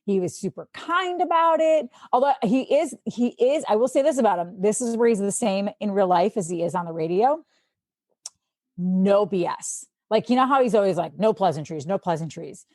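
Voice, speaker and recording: A woman with a Midwestern accent, a sports anchor, chatting as a podcast guest and telling stories in a lively way. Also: mid-range voice, moderate pace, no echo. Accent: Midwestern American. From Milwaukee, Wisconsin. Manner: chatty, animated storyteller. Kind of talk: casual interview chat.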